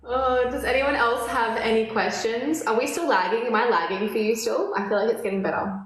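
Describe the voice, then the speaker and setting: A woman from outside the US, co-hosting a casual witchcraft live stream, playful and quick to laugh. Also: a little high, reverberant, a little hiss or hum, poor audio. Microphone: phone on a live stream.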